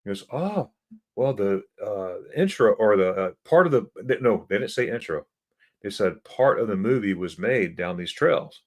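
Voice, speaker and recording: A middle-aged man telling a travel story in a casual live stream, animated, often repeating words and jumping into a high excited voice to act out what he said. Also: normal speed. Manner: animated, repeats words, acts out his own past remarks in a high excited voice.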